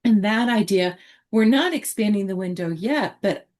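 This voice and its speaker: A woman therapist explaining her approach in a relaxed online teaching chat, talking reflectively with many fillers and restarts. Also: medium pitch, normal speed. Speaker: therapist presenter.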